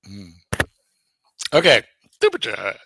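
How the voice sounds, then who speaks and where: Male host, bossy teaser, bright and gravelly, dry close sound. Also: mid-range voice, huge pitch swings, slow, no room sound. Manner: teasing and bossy, pushes his co-host. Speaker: livestream host. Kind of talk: casual livestream banter.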